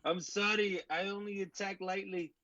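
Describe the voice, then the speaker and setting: A man's voice: fairly high pitch, fairly even intonation, a little slow, a bit bright, muffled recording. A man putting on a joking orc with a Jamaican accent. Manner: joking, laughing. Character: male orc with a put-on island accent.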